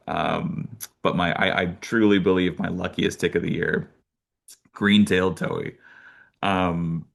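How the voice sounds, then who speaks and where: A young Canadian man telling lively birding stories in a casual talk, with many fillers and restarts. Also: low-pitched, creaky. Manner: animated storyteller, many fillers and restarts, laughs often. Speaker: birder giving a talk.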